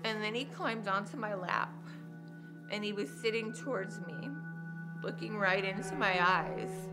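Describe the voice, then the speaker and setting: A woman giving documentary interview testimony as a crime survivor, in a measured, halting, hushed way. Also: medium pitch, over loud music.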